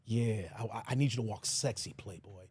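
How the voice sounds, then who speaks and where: A man doing a comic impression of a famous music mogul, drawling in a slow, smug murmur. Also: fairly low pitch, darkish tone, slight background noise, pitched below the performer's own voice, close to an everyday voice. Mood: directing. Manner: drawling, self-satisfied, murmured.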